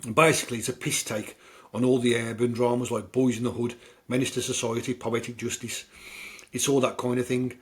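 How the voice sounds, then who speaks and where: Speaking fairly quickly with a flat delivery and medium pitch, a British podcast host loosely recaps films. The talk is casual and rambling, full of filler words as he tells the stories.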